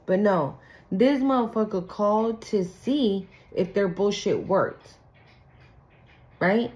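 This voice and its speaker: A woman's voice: medium pitch, takes it slowly, a little mellow. A woman doing a casual spiritual tarot reading, blunt and profane, acting out the people she talks about. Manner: blunt, profane, acts out quoted people in sing-song voices. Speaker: tarot reader.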